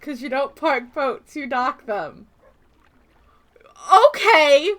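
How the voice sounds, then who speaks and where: A woman streaming a video game, gasping and squealing with excitement, and murmuring quickly when she reads the game's text aloud. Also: high voice. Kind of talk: gaming livestream chat and reading game text aloud.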